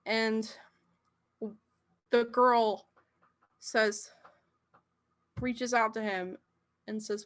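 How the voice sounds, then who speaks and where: A woman's voice: a little high, fairly even intonation, drawn-out words, long pauses, a bit bright. A woman narrating a tabletop role-playing game as game master, with hesitant phrasing and frequent fillers.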